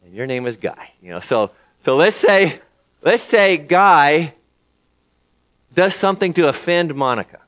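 A man's voice: a little high, sing-song, unhurried, long pauses, a bit bright. Guy preaching a sermon, chatty, lots of ums and restarts. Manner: conversational preaching with many fillers and restarts. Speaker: pastor.

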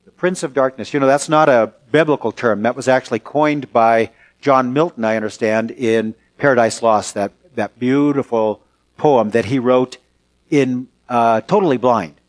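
A man's voice: medium pitch, normal speed. Earnest man preaching a sermon. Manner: earnest, emphatic, varies pace for effect. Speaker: pastor. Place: church sanctuary.

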